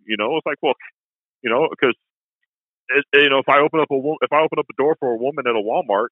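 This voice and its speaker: A man's voice: medium pitch, fast, dry recording. A man chatting on a podcast, rambling and repeating "you know" a lot. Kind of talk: casual podcast chat. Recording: tinny phone-like line.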